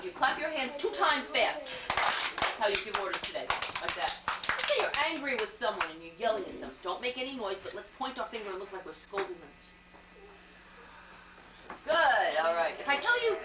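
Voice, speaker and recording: A woman entertaining children at a birthday party, leading them through acting games and telling a fairy tale in an animated, coaxing way. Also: fairly high pitch, very noisy. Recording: roomy, distant home-video camcorder sound with loud music.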